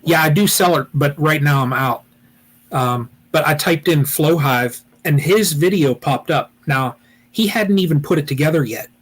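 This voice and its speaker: Man from ohio, slightly high voice, rambling casual chat, lots of restarts. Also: normal speed, slightly rough. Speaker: host of a weekly beekeeping live chat.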